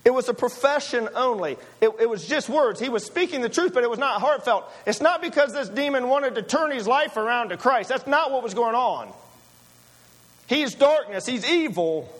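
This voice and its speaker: A man's voice: extremely high pitch, lively intonation, moderate pace, a bit bright. A man preaching a sermon, emphatic and full of rhetorical questions to his listeners.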